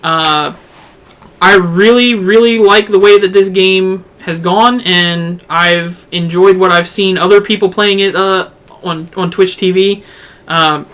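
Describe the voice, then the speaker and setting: A man's voice: high voice, fairly even intonation, slow pace, a bit bright. A man co-hosting a podcast, chatting casually about video games with many filler words. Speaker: podcast co-host. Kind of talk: casual chat.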